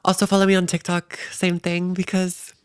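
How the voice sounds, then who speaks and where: Brief: young woman podcast co-host, upbeat and slangy, smooth voice, dry close sound. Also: lowish voice, monotone, moderate pace, no echo. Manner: chatty, upbeat, casual slang. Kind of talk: casual chat.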